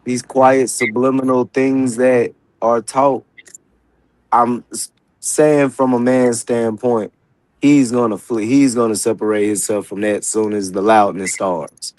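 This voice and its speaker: A man speaking in a relaxed, colloquial way and often restarting his sentences. His voice sits mid-range, and the recording is dry and close. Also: medium pitch, unhurried, no room sound, poor audio. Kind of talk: casual discussion.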